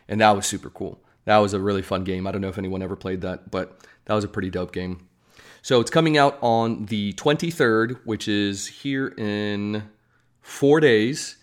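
A man giving casual, rambling commentary on upcoming films as a vlogger, with joking asides. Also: lowish voice. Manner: chatty, rambling, self-deprecating asides. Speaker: movie news vlogger.

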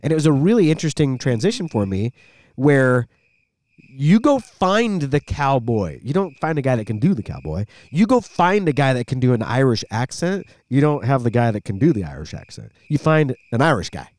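This middle-aged man talks with a swooping, lively pitch, an animated storyteller with the ease of a former radio voice guy. His voice sits close and dry on the podcast mic, with no room sound around it. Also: normal speed, no echo. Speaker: podcast co-host. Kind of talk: casual podcast chat.

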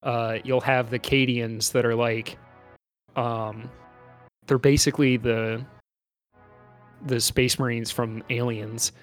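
A man's voice: medium pitch, little pitch movement, takes it slowly, pauses often, faint music behind. A man co-hosting a podcast, chatting casually about a movie in a loose, rambling way with lots of filler words. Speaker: podcast co-host.

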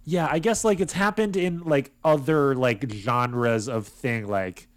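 A man's voice: mid-range voice, unhurried, dry recording. A young man co-hosting a podcast, rambling through an idea with frequent chuckles and restarts. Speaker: podcast co-host. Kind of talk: casual chat.

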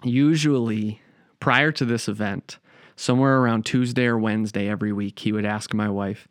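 Earnest low-voiced pastor telling a story. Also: male voice, steady tone, moderate pace, clean tone, dry recording, studio quality. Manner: reflective, earnest, with frequent fillers. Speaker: pastor and podcast host. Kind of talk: personal storytelling podcast.

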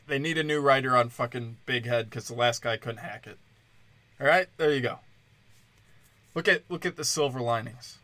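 A brash young comedian on his podcast, tearing into things with blunt, mocking profanity. His voice has a bright, forceful edge, and it sounds close and dry, with almost no room around it. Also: medium pitch, no room sound. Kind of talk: casual comedic rant.

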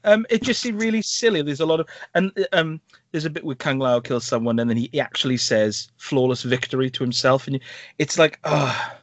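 A man's voice: a little high, brisk, no echo. A man, a podcast co-host, chatting casually through a film review, rambling and sarcastic. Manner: animated, rambling, sarcastic asides.

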